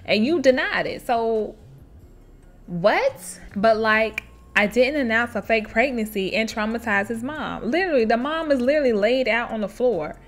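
A woman hosting a show where she reads online stories aloud and reacts to them in an expressive, chatty way, laughing often and talking straight to her listeners. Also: on the high side, normal speed, faint music behind. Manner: chatty, addresses listeners directly. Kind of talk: casual storytelling with commentary.

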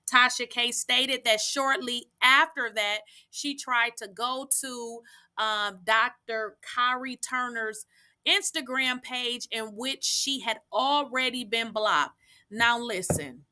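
A young adult woman runs a gossip news vlog in a bright, slightly high voice. She talks slowly and chattily, stopping for "um"s and asides to her viewers as she walks through the rumor. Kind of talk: casual celebrity gossip commentary.

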